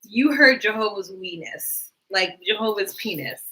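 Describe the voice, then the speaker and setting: A woman co-hosting a casual live reaction chat, teasing and quick to laugh. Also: medium pitch, sharp tone. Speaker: co-host.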